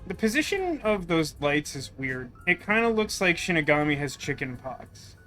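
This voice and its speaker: A man's voice: a little high, sing-song, moderate pace, a bit bright, faint music behind. A man streaming a video game, talking in a wry, rambling, sarcastic way in casual let's-play commentary.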